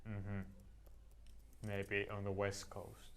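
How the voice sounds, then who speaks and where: A young man co-hosting a podcast, cracking jokes and cutting in with quick banter. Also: lowish voice, completely flat delivery, fairly bright tone, clean tone. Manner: joking, interrupting banter. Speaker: podcast co-host. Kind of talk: casual chat.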